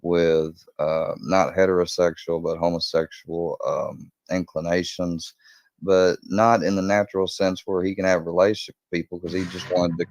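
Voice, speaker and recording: A man's voice: low-pitched, little pitch movement, normal speed, darkish tone, no room sound. A man telling a crime story in a casual, rambling way, swearing often and acting out quoted lines in a raised voice.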